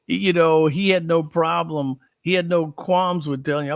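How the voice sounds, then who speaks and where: A man's voice: fairly high pitch, moderate pace, vocal fry, no room sound, clean studio sound. A man in a conversational chat, earnestly recalling a late friend and acting out their talks, with many repeated words. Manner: animated, quotes himself and his friend at length, repeats words. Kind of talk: emotional conversational recollection.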